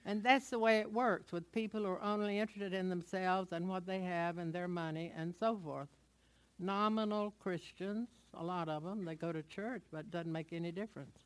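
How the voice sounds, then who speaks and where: A woman's voice: on the low side, moderate pace. Woman pastor preaching with rising force. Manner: storytelling, rising to loud exhortation. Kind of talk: sermon.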